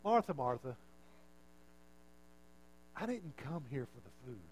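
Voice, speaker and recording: A man voicing a gentle, patient male teacher in a sermon, speaking softly in a lower register than his own. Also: sing-song, slow pace, a little hiss or hum, rough recording.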